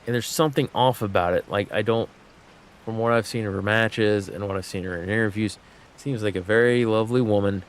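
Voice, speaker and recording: Low-voiced rambling male streamer. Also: brisk. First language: English. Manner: rambling, full of fillers and restarts. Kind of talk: casual livestream chat while gaming.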